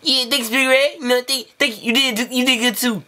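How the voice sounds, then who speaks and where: A man's voice: very high-pitched, steady tone, moderate pace, bright, forceful tone. A man voicing a jittery male sidekick bird who stammers nervously in a puppet comedy skit. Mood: giggly.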